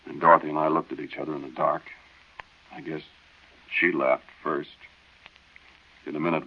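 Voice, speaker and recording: A storyteller recalls a frightening night beside a desert well, his voice extremely deep and gravelly. He narrates in a slow, earnest way with a husky edge. The sound is dull and lo-fi, like an old radio broadcast. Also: exaggerated voice. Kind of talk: 1940s radio acting.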